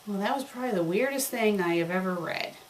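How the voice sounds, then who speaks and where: A woman's voice: medium pitch, fast, a little hiss or hum, poor audio. A woman reviewing fanfiction, reading it aloud with sarcastic, exasperated acting. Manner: exasperated, sarcastic, acts out lines. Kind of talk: comedic dramatic reading.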